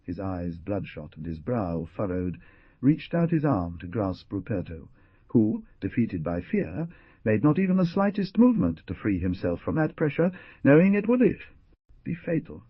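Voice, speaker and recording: A man narrating an audiobook in a dramatic, animated reading. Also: lowish voice, moderate pace, breathy edge, dry recording. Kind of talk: scripted narration. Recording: dull dry lo-fi recording.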